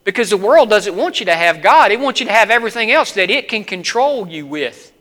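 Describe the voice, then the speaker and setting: High-voiced folksy Southern preacher. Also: male voice, very animated, brisk. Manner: folksy, swings between loud stories and hushed pleas. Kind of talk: sermon.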